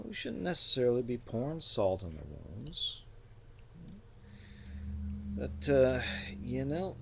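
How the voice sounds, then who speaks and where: A man's voice: sits low, a little hiss or hum. A man doing a stern lanky fixer in a bolo tie.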